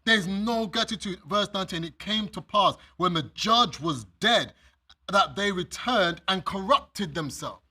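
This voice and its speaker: A man's voice: high voice, lively intonation, unhurried, sharp tone, husky. A man preaching a sermon. He reads scripture aloud, explains it, and speaks straight to his listeners with everyday examples. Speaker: minister.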